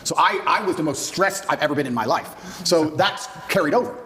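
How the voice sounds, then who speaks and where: A man as a podcast guest, telling a story in an animated way, laughing as he goes. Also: on the high side, a little fast, a little hiss or hum. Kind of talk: storytelling in an interview.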